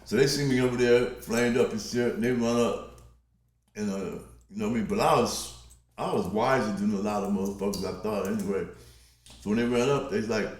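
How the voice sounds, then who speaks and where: A man in his sixties from Compton, a podcast guest telling stories in a casual, profane, animated way and laughing often. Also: lowish voice, fairly quick. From Compton, Los Angeles. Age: 60s. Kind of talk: casual storytelling. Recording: roomy echo.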